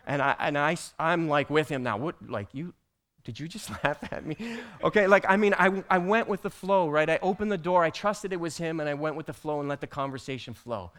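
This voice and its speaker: A man teaching a church group, telling a personal story with animated delivery that builds to loud, emphatic peaks. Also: fairly high pitch, fast, few pauses. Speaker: church teacher presenting slides.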